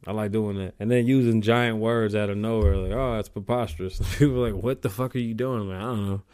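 A man hosting his own show alone, talking in a casual, rambling rant full of swearing, his pitch jumping up when worked up. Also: fast, clear, resonant tone. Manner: profane, rambling, animated swings in pitch. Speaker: podcast host.

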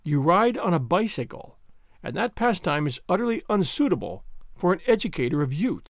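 A man's voice: big pitch swings, moderate pace, dry recording, studio quality. A man doing a fretful, prim old schoolmaster. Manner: fretful, pleading, higher pitch. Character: fussy, timid male schoolmaster, anxious and prim.

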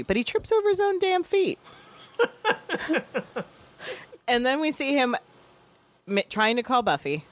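A woman co-hosting a podcast, recapping a TV episode in casual chat, laughing often and acting out lines from the scenes. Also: on the low side. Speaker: podcast co-host.

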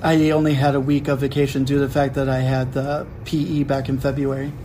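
A young man hosting a casual podcast from home, telling a story in an animated way and acting out quick quotes. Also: medium pitch, a little hiss or hum, rough recording. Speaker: podcast host. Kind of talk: casual chat.

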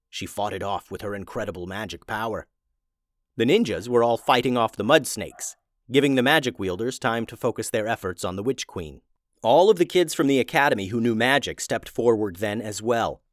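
A man reading a children's fantasy storybook aloud in a steady, expressive voice. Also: mid-range voice, dry recording, studio quality.

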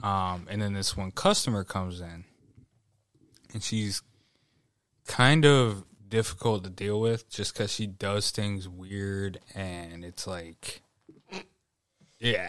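A man's voice: sits low, measured pace, fairly bright tone, no room sound. A man in casual podcast chat, telling a work story with lots of swearing, laughter and acted-out quotes. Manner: profane, laughing storyteller who acts out quotes. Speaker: podcast guest.

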